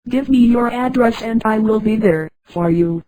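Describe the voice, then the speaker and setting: A man's voice: high voice, moderate pace, dark tone, dry recording, lightly acted, poor audio. A synthetic woman's voice reading the lines of a nervous man courting a woman, in a formal, stiff way.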